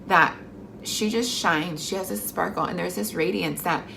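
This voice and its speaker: A woman's voice: fairly low pitch, normal speed, vocal fry, noisy background. A young woman vlogging to camera in a chatty, effusive way, full of fillers. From Mexican heritage. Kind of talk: casual chat to camera.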